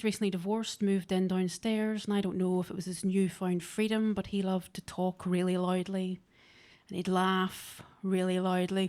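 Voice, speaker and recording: A woman performing stand-up comedy in a basement club, delivering dry, deadpan one-liners. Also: medium pitch, clear, resonant tone.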